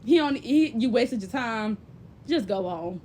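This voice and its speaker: A young woman with a high, bright-sounding voice talks straight to her viewers like a big sister, blunt and full of cussing. She is animated and slips into quick impressions of other people. A faint hum sits under her voice. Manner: blunt, profane, sisterly advice-giving. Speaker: livestream host. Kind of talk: casual chat.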